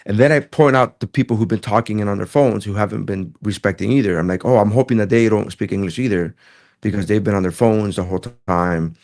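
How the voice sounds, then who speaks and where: Fast-talking man telling a comedy story. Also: lowish voice. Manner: animated, acts out dialogue in quotes. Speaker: podcast co-host, comedian. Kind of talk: casual storytelling chat.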